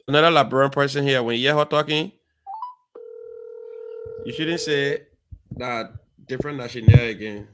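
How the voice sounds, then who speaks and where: A man hosting a call-in talk show, measured and steady, with many fillers. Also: mid-range voice, heavy background noise. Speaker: host.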